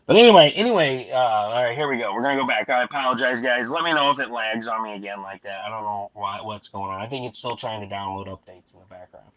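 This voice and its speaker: Bright, laughing, foul-mouthed man host. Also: medium pitch, fast, muffled recording. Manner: laughs often, swears freely, rambling. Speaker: podcast host. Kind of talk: casual chat reading a comic aloud.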